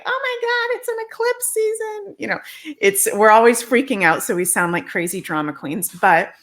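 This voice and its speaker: A woman's voice: mid-range voice, a bit bright. A woman astrologer talking as a guest in a casual, emphatic and digressive way. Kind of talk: casual explanatory talk.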